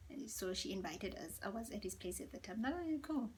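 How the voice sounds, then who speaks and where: A woman tells a storytime vlog at home, in a hushed, half-whispered, gossipy way. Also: mid-range voice, animated, a little fast. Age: 30s. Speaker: vlogger. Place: indoors at home.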